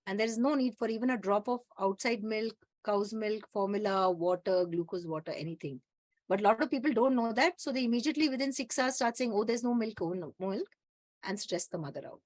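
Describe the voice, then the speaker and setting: A middle-aged woman doctor with an Indian English accent, giving an online health talk, explaining things and telling stories in a lively way. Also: medium pitch, a little fast, no echo. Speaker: gynecologist speaker.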